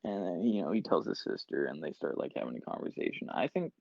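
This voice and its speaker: A man's voice: deep voice, very animated, quick pace, vocal fry, darkish tone, dry recording. A young man and podcast co-host telling a long casual story, full of filler words and acted-out quotes. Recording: dull lo-fi podcast mic.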